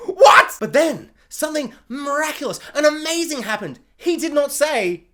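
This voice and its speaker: A man's voice: very high voice, animated, moderate pace. A man giving an exasperated, self-mocking rant in a video review, breaking into laughter often. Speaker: show reviewer.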